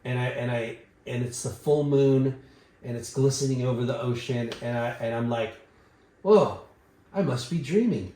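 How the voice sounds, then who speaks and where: Animated, swearing storyteller man. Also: mid-range voice, normal speed. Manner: animated, profane, acts out voices. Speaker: podcast co-host telling a story. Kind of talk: casual storytelling. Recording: echoey room.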